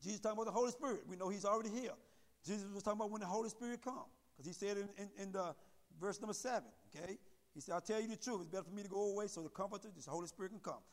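A pastor preaches to his congregation in a very high voice. He drags out the scripture words for emphasis and keeps checking that everyone is following along. His voice rings out with a long reverb tail. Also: very fast. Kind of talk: sermon.

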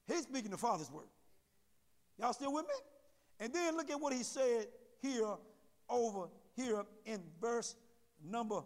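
A pastor preaches to his congregation in a very high voice. He drags out the scripture words for emphasis and keeps checking that everyone is following along. His voice rings out with a long reverb tail. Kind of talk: sermon.

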